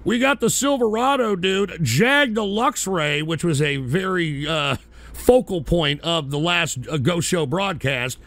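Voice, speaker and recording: Male host, brash and rambling, higher-pitched voice, dry close mic, casual profane radio banter. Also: unhurried, fairly bright tone, no echo. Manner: brash, rambling, mock-indignant. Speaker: host of a call-in radio show.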